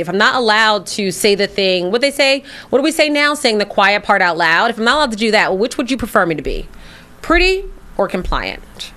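A woman's voice: medium pitch, a bit bright. A woman hosting a radio talk show, outspoken and teasing, chatting casually with a co-host.

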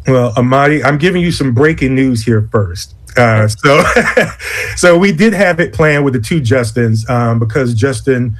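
In an interview, a man with a medium-pitched voice speaks as a conference executive director. His manner is deliberate and earnest, and he often stops to restart a phrase.

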